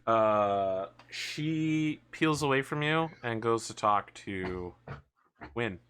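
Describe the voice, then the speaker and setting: Bright-voiced male game master. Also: mid-range voice, slow, clean tone. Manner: relaxed narration with fillers. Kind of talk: narrating a tabletop game.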